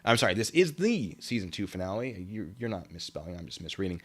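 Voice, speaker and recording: A man's voice: low voice, big pitch swings, brisk, husky. A man hosting a casual livestream, reading viewer comments aloud with lots of fillers and laughs. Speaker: livestream host reading chat.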